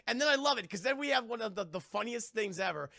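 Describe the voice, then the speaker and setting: An animated male streamer runs through a cartoon scene by scene and talks to his chat. His voice sits high, with a heavy gravelly rasp. The room is dry and close. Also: quick pace, no room sound. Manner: animated, profane, addresses chat. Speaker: streamer, show reviewer. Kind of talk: casual live-stream commentary.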